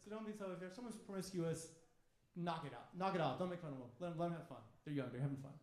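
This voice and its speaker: Brash high-voiced comedian in an echoey club. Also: male voice, rapid-fire, a little mellow. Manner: brash, swears freely, acts out quoted voices. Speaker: stand-up comedian. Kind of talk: stand-up comedy set. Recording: echoey club room with audience laughter. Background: audience laughing.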